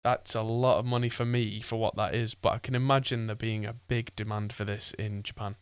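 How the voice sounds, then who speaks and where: A man's voice: on the low side, fairly even intonation, a little fast, clean tone, no echo. A man hosting a podcast, chatting casually and rambling with frequent laughs. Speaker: podcast host. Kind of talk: casual chat.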